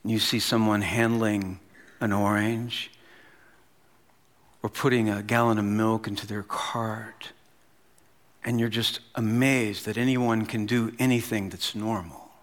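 A pastor in his fifties giving a sermon, telling a story in a conversational, animated way with casual asides. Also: lowish voice, a little slow.

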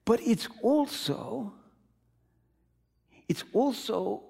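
A male pastor preaching a sermon in a dramatic, emphatic way that swings between loud and quiet. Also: mid-range voice, big pitch swings, unhurried.

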